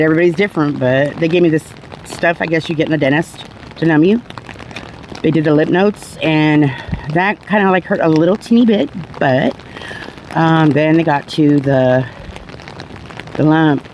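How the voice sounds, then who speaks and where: A woman's voice: low-pitched, darkish tone, slight background noise, rough recording. A middle-aged woman telling her own story in a candid, rambling, blunt way, swearing casually. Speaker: vlogger sharing her cancer story.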